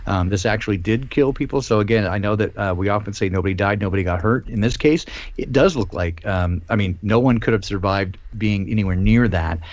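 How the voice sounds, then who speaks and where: Man, host, hesitant, full of ums, slightly low voice, dull dry sound. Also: a little fast, no echo. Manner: hesitant, many ums and restarts. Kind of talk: casual live-stream chat.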